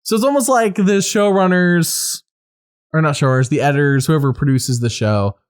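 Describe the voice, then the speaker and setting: A man co-hosting a podcast, talking in a chatty, animated way. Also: fairly high pitch, normal speed, smooth. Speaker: podcast co-host. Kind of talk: casual podcast chat.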